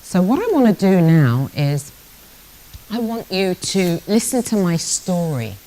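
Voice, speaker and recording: A woman's voice: on the low side, very animated, unhurried, dark tone, low-quality recording. Woman, British accent, sixties, motivational speaker, storytelling, playful asides to the crowd. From Britain. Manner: storytelling, jokey, addresses the audience directly. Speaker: networking speaker. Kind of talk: motivational talk to a live audience.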